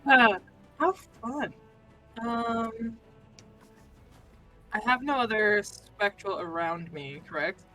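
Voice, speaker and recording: Woman player, slow and wry, bright voice, a little music behind. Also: mid-range voice. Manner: wry, laughing asides. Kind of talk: playing a tabletop game.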